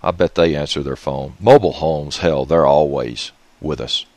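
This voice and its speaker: A man's voice: extremely low pitch, normal speed, darkish tone, no echo. A man, hosting his own radio show in a profane, sneering, ranting monologue. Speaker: radio host.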